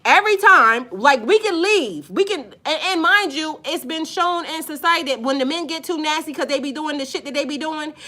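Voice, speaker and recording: A woman talks straight to her viewers in a high, bright voice. She is blunt and profane, leans hard on her points and drags out the words she stresses. It sounds like an unscripted video talk. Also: lively intonation, moderate pace, hardly any pauses. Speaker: spiritual life coach.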